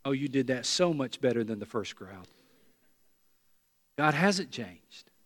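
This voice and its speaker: A man's voice: medium pitch, very animated, a little slow, a bit bright, long reverb tail. A man preaching a sermon to his congregation, earnest and emphatic, repeating key lines and calling the people to answer back. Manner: leads the congregation in call and response. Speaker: pastor. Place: church sanctuary before a congregation.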